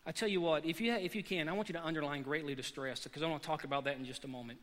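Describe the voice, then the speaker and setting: A male pastor preaching a sermon in a church sanctuary, emphatic, repeating key words and climbing in pitch and force as he presses his points. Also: fairly even intonation, rapid-fire, fairly bright tone. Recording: long hall reverb.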